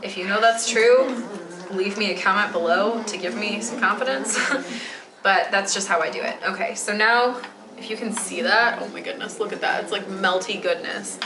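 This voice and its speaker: A woman's voice: medium pitch, normal speed, echoey room, background noise. A woman in her twenties from Metro Detroit, chatting casually while she bakes at home, rambling with lots of fillers. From Metro Detroit, USA. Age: 20s. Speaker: vlogger. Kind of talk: casual chat while baking. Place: home kitchen.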